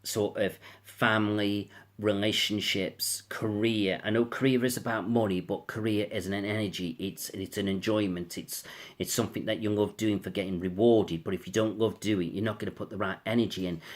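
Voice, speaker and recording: A man's voice: on the low side, fairly even intonation, normal speed. A man giving a casual astrology reading, rambling and reassuring, often repeating "I feel so". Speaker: astrologer and tarot reader.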